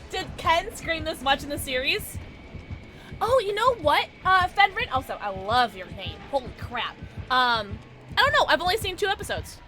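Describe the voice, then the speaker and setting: A woman streaming a game, chatting casually with viewers in an excitable way, with sudden high yelps and laughs. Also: normal speed. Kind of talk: casual livestream chat while gaming. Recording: game music behind the voice. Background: game music.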